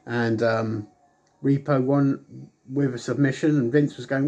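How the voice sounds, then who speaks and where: A man's voice: medium pitch, a little slow, dull audio. A man casually reviewing an old wrestling broadcast, rambling with lots of ums and acting out quoted lines. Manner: chatty, rambling with frequent ums; animated, acts out quoted lines.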